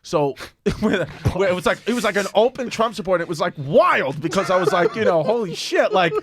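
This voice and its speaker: A man's voice: sits high, expressive, brisk, crowd noise. Profane New man telling a story. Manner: profane rambling anecdote with acted-out quotes. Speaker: guest comedian. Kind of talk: storytelling on a podcast. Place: podcast studio.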